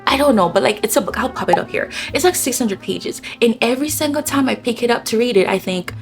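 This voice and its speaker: A woman's voice: fast talker, soft background music. Gushing young woman chatting about books. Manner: animated, gushing, swings between low murmurs and excited high bursts. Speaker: vlogger. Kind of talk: casual chat.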